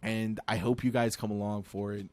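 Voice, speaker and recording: A man's voice: lowish voice, flat delivery, normal speed, darkish tone, no room sound. A man hosting a casual radio show, talking earnestly and rambling with restarts, slightly out of breath.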